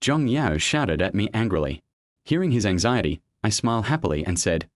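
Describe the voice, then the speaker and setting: A man narrating a web comic recap in a steady first-person storytelling manner. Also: fairly low pitch, moderate pace, no echo.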